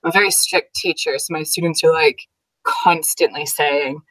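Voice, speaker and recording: A young woman from Canada chats freely as an interview guest, talking through her teaching life. Her voice sits a little low for a woman. She fills pauses with "um" and breaks into quick laughs. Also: steady tone, a bit bright, low-quality recording. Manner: chatty, laughs often, many fillers. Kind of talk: casual conversational interview.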